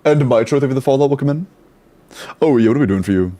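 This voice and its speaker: Young guy streaming, chatty and loose, rattles off hellos to chat, mid pitch. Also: lively intonation, warm tone. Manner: chatty, greets chat rapidly, swears casually. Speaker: streamer reviewing game accounts. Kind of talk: casual live stream chat.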